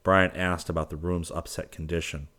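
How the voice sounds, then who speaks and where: Deep-voiced male audiobook narrator. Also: little pitch movement, normal speed, a bit bright.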